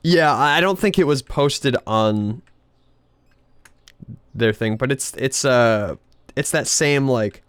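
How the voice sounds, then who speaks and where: A man's voice: medium pitch, slow, long pauses, fairly bright tone, clean tone, no room sound. A man streaming a video game, chatting casually in a rambling way, laughing often and swearing freely. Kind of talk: casual live-stream chat while gaming.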